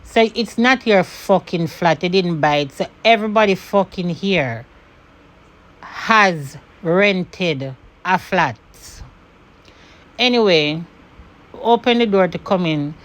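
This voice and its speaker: Brief: Jamaican woman, low-pitched, vlog storytime, fired up, swears, falls into patois. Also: takes it slowly. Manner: animated, swearing, slips into patois when angry. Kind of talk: storytime monologue to camera.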